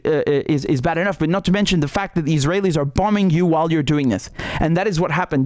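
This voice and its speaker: Indignant male commentator, slightly high voice, dry close mic, sarcastic, stammering. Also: no room sound. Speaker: independent journalist and show host. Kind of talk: impassioned political commentary monologue.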